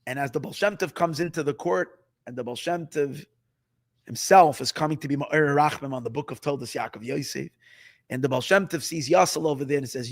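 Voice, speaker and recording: A man, a rabbi, telling a story in a sermon, animated and repetitive, dropping in Yiddish words. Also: a little high, brisk, gravelly.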